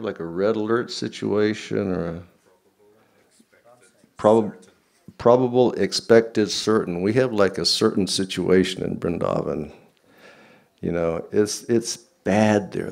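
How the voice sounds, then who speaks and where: A worried royal mother, voiced by a man pleads earnestly, pausing as she hunts for words. The voice sits only slightly above the performer's own low register. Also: gravelly, darkish tone. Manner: hesitant, searching for words.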